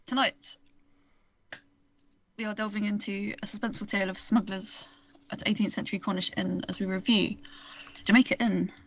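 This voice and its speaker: A woman's voice: mid-range voice, steady tone, normal speed, long pauses, slight background noise, low-quality recording. A woman hosting a casual film review podcast, chatty and giggly, running through the cast with lots of ums. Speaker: podcast host.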